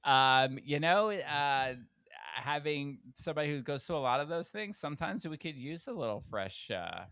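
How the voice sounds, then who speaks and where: A man's voice: on the high side, lively intonation, normal speed, fairly bright tone, clear, resonant tone, dry recording, studio quality. A man co-hosting a podcast who teases his partner, laughs often and keeps the talk moving. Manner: teasing, laughs often, steers the talk along. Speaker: podcast co-host. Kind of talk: casual chat.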